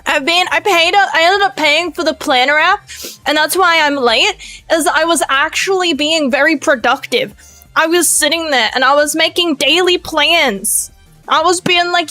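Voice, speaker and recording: A woman with an Australian accent chatting on a live stream, energetic, loud and rambling. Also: high-pitched, normal speed, no echo, faint music behind, low-quality recording. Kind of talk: casual live-stream chat.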